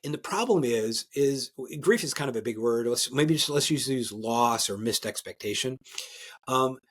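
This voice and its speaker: A man talking as a guest coach in a podcast interview, energetic and emphatic, often tagging his points with "right?" and restarting words as he gets going. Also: medium pitch, moderate pace, husky. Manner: repeats and restarts words when excited.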